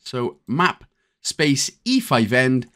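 A man's voice: mid-range voice, sing-song, drawn-out words, fairly bright tone. A man with a Welsh accent giving a casual, jokey step-by-step game walkthrough as a channel host. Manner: chatty, jokey, step-by-step instructions.

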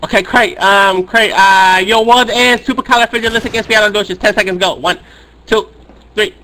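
A man's voice: high-pitched, fairly even intonation, moderate pace, bright, forceful tone, a little hiss or hum, low-quality recording. A man barking orders in broken English over online game voice chat, bossy and insistent.

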